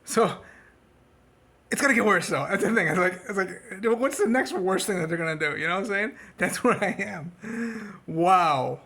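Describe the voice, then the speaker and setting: Sarcastic male sports vlogger, rambling fan rant, swings into high mocking tones. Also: moderate pace, sharp tone, slightly rough. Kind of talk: casual sports rant to camera.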